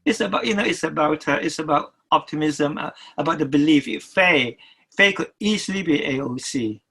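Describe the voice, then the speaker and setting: A man's voice: fairly high pitch, creaky, sharp tone, slightly rough, rough recording. An older man, a record producer, talking as an interview guest, stopping and restarting his sentences often. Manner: halting, many restarts and repeated words.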